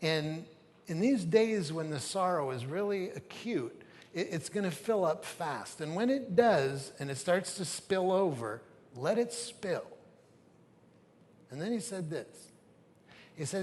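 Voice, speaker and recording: A man's voice: fairly high pitch, darkish tone. A middle-aged man preaching a sermon as a pastor, telling stories conversationally and with humor, in a church sanctuary. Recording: reverberant church hall with faint ambience.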